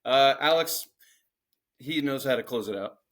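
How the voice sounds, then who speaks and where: A man's voice: medium pitch, animated, a little slow, a bit bright. A man co-hosting a podcast in casual chat, joking crudely as he reads out a song list. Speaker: podcast co-host.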